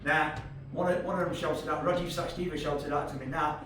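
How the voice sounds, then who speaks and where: Sweary Yorkshire comic, high voice. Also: male voice, steady tone, fairly quick, noisy background. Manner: brash, sweary, crowd-teasing storytelling. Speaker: stand-up comedian. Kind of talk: stand-up comedy set. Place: comedy club stage. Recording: echoey club, far from the mic, audience laughter.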